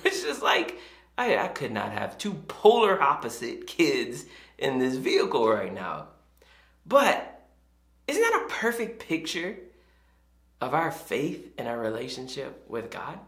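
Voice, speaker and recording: A man's voice: medium pitch, wildly swooping pitch, measured pace, fairly bright tone. A male pastor giving a sermon in a conversational, storytelling way. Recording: echoey room.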